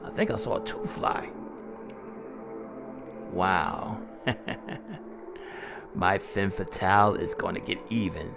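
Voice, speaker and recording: Male horror narrator, gleeful and chuckling, gravelly, slow, music under. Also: low voice, fairly even intonation. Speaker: storyteller. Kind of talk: first-person horror story narration.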